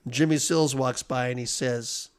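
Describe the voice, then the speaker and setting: A man on a podcast as guest, telling casual anecdotes with animated delivery and frequent chuckles. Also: medium pitch, a little slow, clean tone. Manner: animated storyteller, chuckles often.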